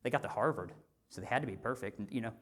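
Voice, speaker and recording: A male physician giving a motivational conference talk, conversational and animated, often asking the audience rhetorical questions. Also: medium pitch, quick pace. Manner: animated storyteller. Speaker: physician and speaker at a health summit.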